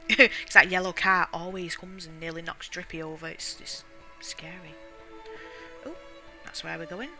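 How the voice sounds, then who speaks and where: A woman's voice: lowish voice, a little slow, long pauses, low-quality recording. A woman giving casual, chatty, lightly amused commentary on her gameplay, with game music playing.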